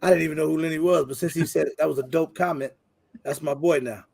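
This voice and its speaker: A man's voice: on the high side, fairly even intonation, fast, gravelly, darkish tone, breathy edge, dry recording. A man hosting a casual livestream chat, laid-back and joking, full of slang. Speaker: podcast host.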